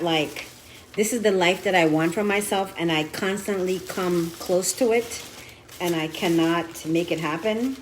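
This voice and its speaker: A woman's voice: fairly low pitch, unhurried, noisy background. A woman in her fifties giving a frank, profane confessional vlog. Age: 50s. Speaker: vlogger.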